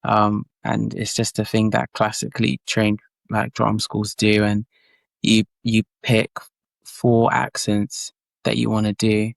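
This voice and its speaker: Young guy actor chatting, gravelly, lots of ums, gets animated telling stories, dry close sound. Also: lowish voice, measured pace, no echo. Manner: hesitant, many fillers, animated retelling. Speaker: actor, interview guest. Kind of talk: casual interview chat.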